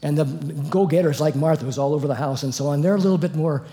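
Middle-aged male Bible teacher, lively and informal, quick to laugh at his own asides. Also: fairly high pitch. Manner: animated, chuckling, reads verses then comments.

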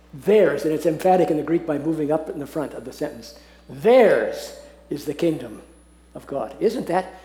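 Man, Bible teacher, earnest, mellow voice, slightly high, echoey room. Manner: earnest, laughs often, slows to read verses aloud. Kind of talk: teaching talk on scripture.

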